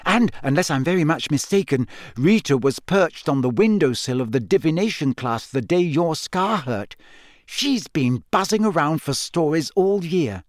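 A man reading aloud and voicing a clever, eager teenage schoolgirl who speaks briskly and knowingly. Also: fairly high pitch, expressive, dry recording, clean studio sound, pitched above the performer's own voice, close to an everyday voice.

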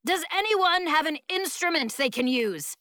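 A woman's voice: high voice, very animated, moderate pace, bright, forceful tone, no echo, studio quality, full character voice. A woman voicing a harried, commanding male music teacher who bellows orders, in an audiobook.

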